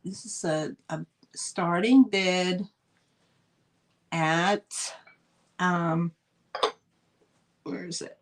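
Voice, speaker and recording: A woman's voice: lowish voice, fairly even intonation, drawn-out words, long pauses, rough recording. A woman, hosting a live online sale in a chatty, gushing way and talking straight to her viewers. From northern United States. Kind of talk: casual live sale chat.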